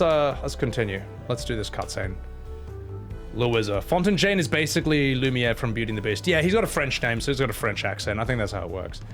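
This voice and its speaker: A man's voice: mid-range voice, fairly bright tone. A man streaming a video game and ranting sarcastically about the series, swearing freely between bursts of laughter. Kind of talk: casual game commentary.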